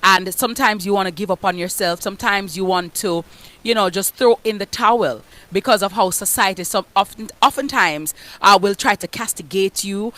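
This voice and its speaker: A Jamaican radio host giving forceful motivational talk, dropping into patois. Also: female voice, mid-range voice, normal speed. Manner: forceful, emphatic, mixes patois into her speech. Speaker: radio host, guest speaker. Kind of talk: motivational preaching.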